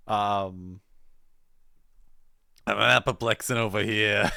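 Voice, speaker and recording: A man's voice: fairly low pitch, expressive, a little slow, dry recording, studio quality. A young Welsh man streaming live, chatting casually, swearing freely and laughing often. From Wales. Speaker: livestreamer. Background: loud guitar music.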